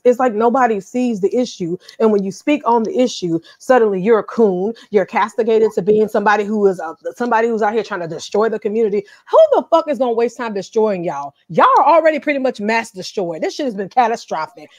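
A woman's voice: mid-range voice, lively intonation, fairly quick, hardly any pauses, no echo, highs cut off. A woman ranting fiercely and profanely in a casual livestream discussion. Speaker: livestream panelist. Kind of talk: casual heated chat.

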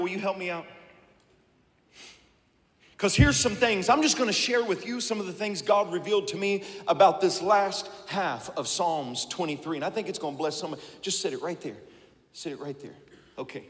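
A male pastor preaching a sermon, dropping to a hush and rising to shouts, acting out a scene on stage. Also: high voice, expressive, moderate pace, in a large hall. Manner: swings from hushed to shouting. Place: church sanctuary.

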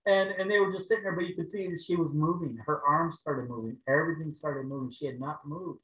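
Animated male preacher telling a story. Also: fairly high pitch, quick pace, roomy sound, low-quality recording. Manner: animated storytelling, rising to loud exclaims when acting out prayers. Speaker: pastor. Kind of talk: sermon over a video call. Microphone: video call.

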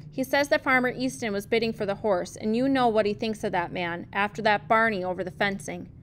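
A woman reading aloud, voicing a weary, stern farm mother in a low, subdued voice. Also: a little fast, a little hiss or hum, lightly acted.

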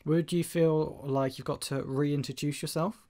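A man's voice: fairly high pitch, steady tone, a little slow, mellow. A man co-hosting a podcast, asking questions and teasing his co-host in casual chat.

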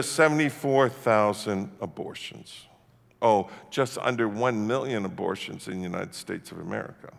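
A man from Canada preaching a sermon as pastor, emphatic and swinging from hushed tones to shouting. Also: on the low side, normal speed, vocal fry. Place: church sanctuary. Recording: long church-hall reverb.

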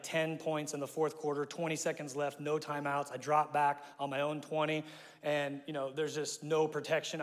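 Brief: male pastor from Omaha, slightly high voice, self-mocking storyteller who bursts into shouted quotes, recorded in a church with a long echo. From Omaha, Nebraska, USA. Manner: animated storytelling, acts out quotes with sudden shouts; jokey, self-mocking asides with laughter. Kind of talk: sermon. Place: church sanctuary. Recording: long reverb of a large hall.

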